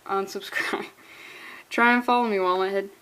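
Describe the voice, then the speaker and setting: A woman's voice: mid-range voice, steady tone, normal speed, a bit bright, smooth, poor audio. A woman reading a comic aloud for laughs, with sarcastic, incredulous running commentary, often laughing through her words. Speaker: comic reviewer. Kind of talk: comedic comic-book reading.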